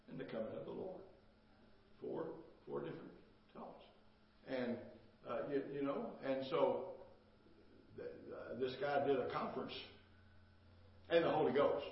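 An older man preaching a sermon as pastor, emphatic and repetitive, asking "amen?" as he goes. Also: medium pitch. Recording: echoey, distant, dull church recording.

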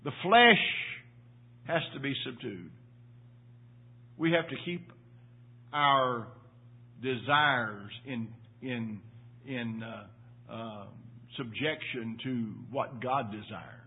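An older man preaches to his congregation in a husky voice, climbing to loud emphatic peaks, then dropping to low quiet asides. He repeats phrases for emphasis and keeps checking in with the room. The sermon is heard through tinny, phone-like audio. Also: very slow, long pauses. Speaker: pastor. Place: church.

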